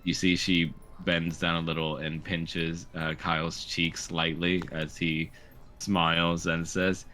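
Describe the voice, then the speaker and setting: Deep-voiced man narrating a tabletop game. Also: level tone, slow pace, sharp tone. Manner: casual, rambling with fillers. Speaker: game master.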